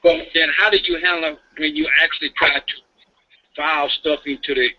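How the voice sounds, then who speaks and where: A man's voice: fairly high pitch, fairly quick. A man hosting a radio chat, asking eager, plain-spoken questions. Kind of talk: casual chat. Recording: muffled radio audio.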